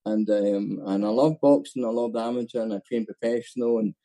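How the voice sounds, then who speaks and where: A middle-aged man from Glasgow with a Glaswegian Scottish accent, giving a personal testimony as guest speaker at a recovery meeting in a candid, halting way with many ums and restarts. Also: on the low side, fairly even intonation, dark tone, low-quality recording. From Scotland.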